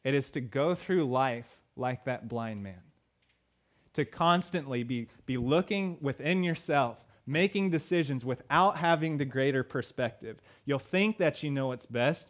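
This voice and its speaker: A man's voice: mid-range voice, expressive, measured pace. Man preaching a conversational sermon. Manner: conversational preaching with fillers and emphatic repeats. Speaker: pastor.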